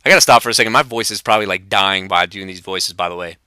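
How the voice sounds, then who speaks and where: A man's voice: sits low, quick pace, bright, forceful tone, clear, resonant tone, no echo. Casual young man hosting. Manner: casual analysis with fillers. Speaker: host. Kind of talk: comedy sports show hosting.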